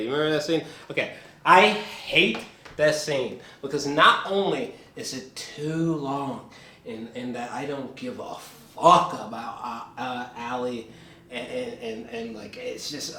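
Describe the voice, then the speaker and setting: Animated, profane man in an echoey room. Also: mid-range voice, measured pace, a little hiss or hum. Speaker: movie reviewer. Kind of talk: casual reaction review.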